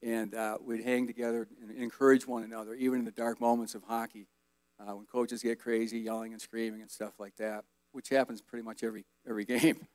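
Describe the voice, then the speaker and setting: A man's voice: mid-range voice, a little fast, no room sound. Folksy man sharing a church testimony. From Colorado, USA. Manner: relaxed, folksy, rambling with fillers. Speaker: guest speaker. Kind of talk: personal testimony storytelling. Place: church service.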